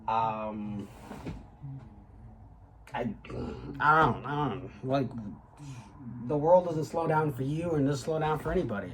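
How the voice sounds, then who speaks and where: A man's voice: medium pitch, slow pace, pauses often, crowd noise, low-quality recording. A young man in his twenties, a graduate student, talking to the camera in a rambling casual vlog with lots of fillers and swearing. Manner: rambling, with frequent fillers and profanity.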